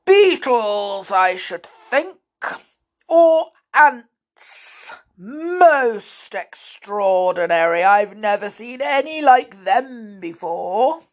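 A woman voicing a huge, curious male giant who booms his words. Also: very animated, drawn-out words. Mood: astonished. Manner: loud booming exclamations.

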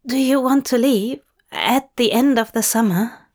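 A woman reading the lines of a gentle, fussy man in a soft, prim manner, a little above her own pitch. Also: a little slow.

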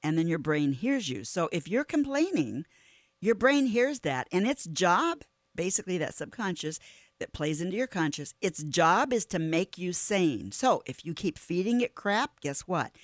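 A woman interviewer with a slightly low, trained voice, talking with effusive enthusiasm in a casual faith-based chat. The sound is dry and close, with no room around it. Her praise comes in bursts between thoughtful asides. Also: sing-song, normal speed, no echo. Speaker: interview host.

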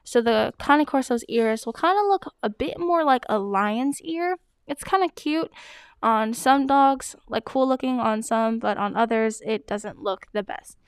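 A woman hosts a casual question-and-answer vlog, talking in a chatty way with plenty of hesitant fillers. Her voice sits a little high and sounds exceptionally clear and smooth. The recording is dry, with no room echo. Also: a little slow. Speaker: dog blogger answering breed questions.

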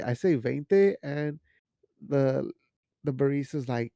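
A man's voice: medium pitch, fairly even intonation, a little slow, vocal fry, mellow, no echo, clean studio sound. A young man hosting a casual podcast, talking in a loose, rambling way with lots of swearing and bits of Spanish. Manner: loose, profane, rambling, drops Spanish phrases. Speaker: podcast host.

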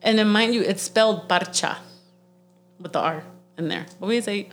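This woman, who is from Puerto Rico and has a Puerto Rican accent, laughs and curses her way through stories in an animated, casual conversation. Her pitch is medium, her pace moderate, and there is slight background noise.

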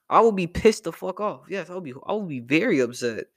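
A young man ranting casually to camera, animated and profane as he reacts to a list. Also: high voice, fast. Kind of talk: casual rant.

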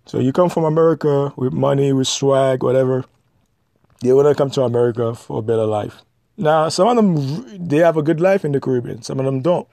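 A man's voice: medium pitch, brisk, gravelly, mellow, dry recording. A man giving blunt, lecturing advice in an opinionated monologue, repeating his points.

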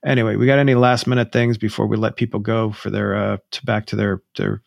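A man's voice: on the low side, level tone, vocal fry, no echo. A man co-hosting a podcast in casual chat, rambling with frequent restarts. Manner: rambling, restarts often, drawn-out phrases. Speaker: podcast co-host.

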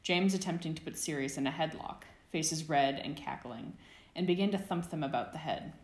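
A woman narrating a fan fiction audiobook with a steady, expressive reading. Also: deep voice, normal speed, reverberant.

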